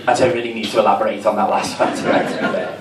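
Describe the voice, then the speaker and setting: A man's voice: fairly low pitch, little pitch movement, fast talker. A man with a Liverpool accent doing a camp, chatty, self-mocking stand-up set in a comedy club. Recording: roomy, distant, with crowd noise.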